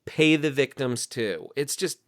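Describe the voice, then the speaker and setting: A man from New Jersey, an author and podcast guest, talking in an animated, indignant way, full of "you know" and "like". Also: mid-range voice, a little slow, no echo, studio quality. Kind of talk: podcast interview.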